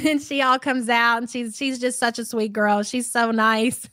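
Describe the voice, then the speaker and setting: A woman's voice: on the high side, level tone, unhurried, pushed and bright, no echo, clean studio sound. A middle-aged woman hosting a live stream, chatting casually and rambling, with frequent profanity.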